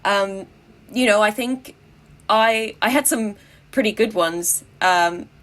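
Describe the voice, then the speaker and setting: A woman's voice: mid-range voice, takes it slowly, fairly bright tone. A young adult woman telling casual anecdotes in an interview, wry and tongue-in-cheek, with frequent fillers and restarts. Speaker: interviewee, activist.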